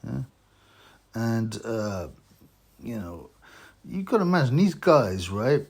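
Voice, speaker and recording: A man vlogging about boxing in a casual, rambling way, slightly drunk and slow, with many fillers. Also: medium pitch, big pitch swings, vocal fry, husky. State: tipsy from drinking.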